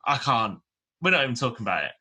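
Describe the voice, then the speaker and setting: A man from the UK co-hosting a podcast, animated and quick to rant. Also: medium pitch, breathy edge. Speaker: podcast co-host. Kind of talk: casual podcast chat.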